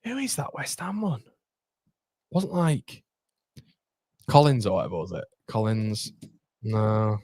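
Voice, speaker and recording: A man chatting excitedly on a live stream, reacting to the chat and the football match as he watches. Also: lowish voice, takes it slowly, long pauses, husky, no room sound, studio quality.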